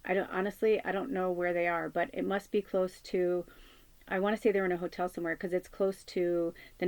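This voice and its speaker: Her voice is fairly low and darkish, with no echo in the recording. She's a spiritual medium in her forties hosting a channel, talking earnestly and loosely about spiritual topics with many fillers and restarts.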